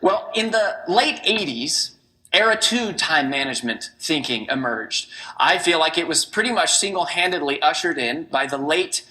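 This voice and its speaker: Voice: mid-range voice, animated, normal speed, pushed and bright. A speaker giving a motivational stage talk, opening with rhetorical questions and telling personal stories.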